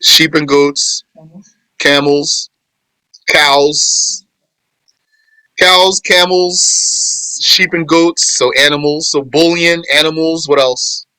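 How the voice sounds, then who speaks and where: A man's voice: on the high side, fairly even intonation, very slow, sharp tone, smooth, no room sound, rough recording. A man teaching an informal class on Islamic law, quizzing his students, restating points and correcting phrasing as he goes. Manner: quizzes students and answers their replies. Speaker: religious teacher.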